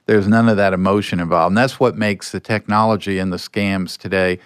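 An older man, a guest being interviewed, telling anecdotes in a relaxed way and acting out bits of dialogue. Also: sits low, brisk, smooth, dry recording, clean studio sound. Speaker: guest, former con artist. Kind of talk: storytelling interview answers.

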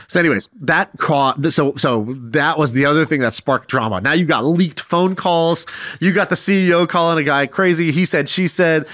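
Energetic male podcast host. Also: a little high, dry recording, studio quality. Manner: energetic, animated retelling with quoted voices. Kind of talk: casual storytelling chat.

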